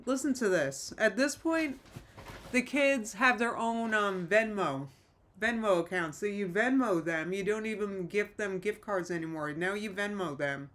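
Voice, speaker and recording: Chatting casually with her livestream viewers, a woman speaks at a measured pace in a medium-pitched, fairly bright voice. She grows nostalgic and emotional, rambling, reading out comments and starting sentences over.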